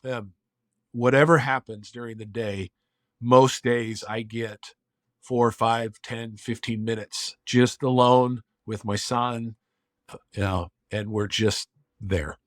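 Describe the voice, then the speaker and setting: 50s guy on a podcast, earnest storyteller, mid pitch, dead dry sound. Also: steady tone, slow, no room sound. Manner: earnest storyteller, warm and reflective. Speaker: podcast guest. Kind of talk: casual conversation.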